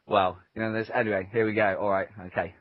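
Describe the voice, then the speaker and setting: A man's voice: fairly low pitch, level tone, fast, dry recording. A man co-hosting a casual podcast, self-deprecating and nervously laughing through a comic rap. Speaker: podcast co-host. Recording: dull, dry lo-fi podcast audio.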